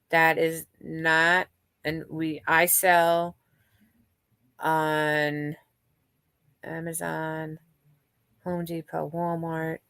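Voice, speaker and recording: A woman's voice: on the low side, fairly bright tone, smooth, no room sound, clean studio sound. A middle-aged woman hosting a livestream and chatting casually with viewers, rambling and candid, with many fillers and restarts. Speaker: livestream host. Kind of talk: casual chat with live chat viewers.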